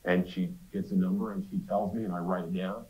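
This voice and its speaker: A man's voice: low-pitched, fairly even intonation, brisk, warm tone. A man giving a university lecture in a conversational way, speaking directly to the students with quips. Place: lecture hall. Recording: echoey lecture hall.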